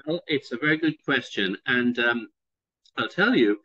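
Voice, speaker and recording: Husky-voiced man from northern England. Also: mid-range voice, animated, moderate pace, bright, forceful tone, muffled recording. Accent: northern English softened toward standard British. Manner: patient, explanatory, demonstrates pronunciations. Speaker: guest native speaker. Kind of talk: conversation practice chat.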